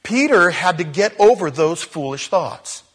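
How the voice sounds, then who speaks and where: Husky high-voiced male preacher. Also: animated, measured pace, fairly bright tone. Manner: informal storytelling with asides and acted-out quotes. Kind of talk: conversational sermon.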